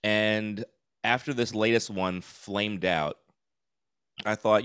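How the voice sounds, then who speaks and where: Candid forty-something man, low smooth voice. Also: steady tone, takes it slowly, fairly bright tone, no echo. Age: 40s. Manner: candid, laughs easily, rambling with fillers. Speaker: comedian guest. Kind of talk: casual podcast chat. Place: New York City.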